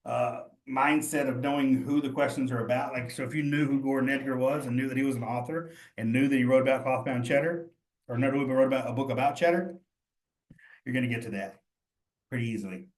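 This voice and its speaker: A man's voice: medium pitch, fairly quick. A man leading a live study session, thinking aloud and talking straight to his students in a chatty, encouraging way. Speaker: cheese instructor. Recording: roomy echo.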